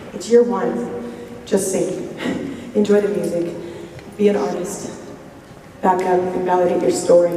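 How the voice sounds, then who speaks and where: A woman's voice: mid-range voice, dark tone, a little hiss or hum. A woman leading a school choir, chatting to a concert audience in a loose, rambling way with bursts of laughter. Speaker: choir director. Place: school gymnasium. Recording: echoey gym recorded from far off with audience.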